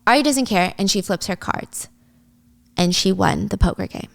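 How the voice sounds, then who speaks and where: A woman's voice: medium pitch, moderate pace, creaky, no echo. A woman in a casual, chatty recap of a drama plot. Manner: chatty, animated.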